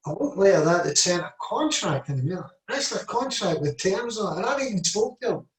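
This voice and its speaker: Brief: Scottish man in his 70s, fairly high voice, rambling yarn-spinner, recorded in an echoey room. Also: very animated, quick pace. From Scotland. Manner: rambling anecdotes, lots of "I said" and "you know". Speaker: interview guest, former footballer. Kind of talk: casual storytelling. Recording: echoey room, mic at a distance.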